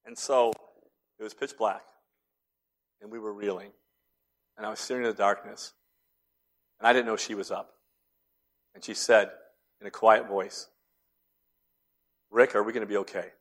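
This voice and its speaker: A middle-aged pastor with a lowish voice and fairly even intonation preaches at a moderate pace, pausing often. Some lines come out hushed, nearly whispered, while others are loud and emphatic.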